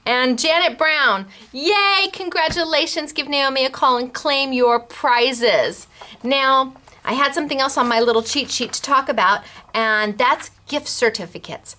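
A woman hosting a craft shop video show, chatting through announcements in a bubbly, giggly way and spelling out names and numbers slowly. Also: sits high, sharp tone. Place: craft store.

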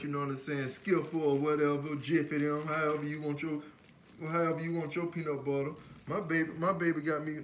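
A high-voiced man jokes his way through a cooking demo, teasing his partner and breaking into loud bursts of laughter. His voice carries a roomy echo off the home kitchen walls, with a faint hum of noise underneath. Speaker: co-host of a couple's cooking show. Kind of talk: joking cooking demonstration.

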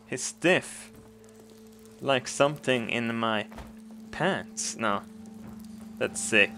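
A man talks slowly over gameplay in a bright, forceful voice, making crude jokes. He laughs often and bursts into excited shouts as faint music plays behind him. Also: mid-range voice. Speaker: gaming commentator. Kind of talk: comedic game commentary.

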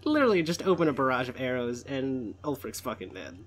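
A man in his twenties hosts a let's play, giving loose, rambling commentary on the game while swearing and correcting himself a lot. His voice is medium in pitch, swings widely up and down, and moves fairly fast.

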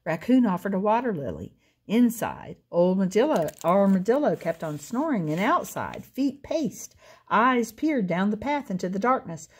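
A woman reads a picture book aloud in a gentle, unhurried way. Her voice is middle-pitched and calm, and she pauses now and then to point out the pictures to her listeners. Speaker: storyteller.

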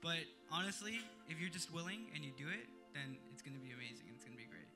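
Young male team member, hesitant testimony, slightly higher voice, music bed. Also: expressive, fast talker. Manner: hesitant, many fillers. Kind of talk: sharing testimony.

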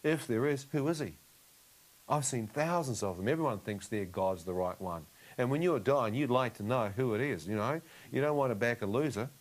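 A man's voice: mid-range voice, expressive, normal speed. A man giving a testimony in casual conversational storytelling, reliving the scene and acting out his own inner prayers with frequent "you know what I mean" asides.

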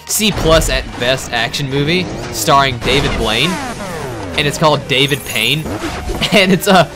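A man giving excitable, profane, jokey commentary while playing a video game. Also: medium pitch, measured pace, music in the background. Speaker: let's-play gamer.

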